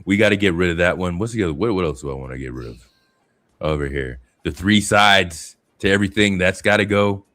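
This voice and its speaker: A man's voice: low voice, a little fast, fairly bright tone. A man hosting a casual podcast chat, blunt, profane and emphatic. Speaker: podcast host.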